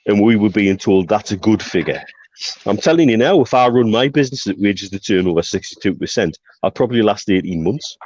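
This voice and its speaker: A man's voice: lowish voice, animated, brisk, darkish tone, no echo, muffled recording. A man talking football business in a casual podcast chat, emphatic and repeating himself when he presses a point. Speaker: podcast co-host.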